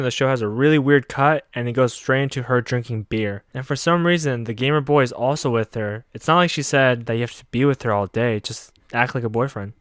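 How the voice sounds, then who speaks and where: A young man recapping an anime in casual, profane comedy style, with sarcastic mocking asides and raised pitch when quoting girls. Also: a bit bright, clean tone, no room sound, clean studio sound.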